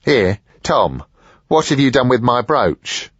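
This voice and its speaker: A man's voice: medium pitch, very animated, slow pace, a bit bright, dry recording, highs cut off, pitched above the performer's own voice, full character voice. A man voicing a greedy, sly older antique dealer who wheedles and mutters sourly.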